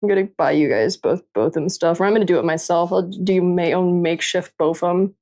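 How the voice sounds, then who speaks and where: A woman's voice: fairly low pitch, brisk, dark tone. A woman livestreamer chatting casually late at night, tired and a little tipsy, giggling often and swearing freely as she rambles. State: tired and tipsy after drinking.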